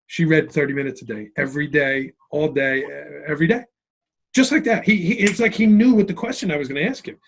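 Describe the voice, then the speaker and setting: Husky, slightly high middle-aged man, animated storyteller, principal type. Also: quick pace. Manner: animated, tags lines with "right?" and "like". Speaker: school principal and author. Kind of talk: conversational interview storytelling.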